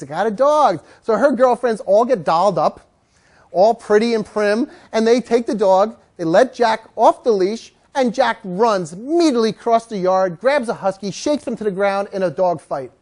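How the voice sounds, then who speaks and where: Man, dog trainer, lecturing a class, storytelling, animated, acts out quotes. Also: high voice.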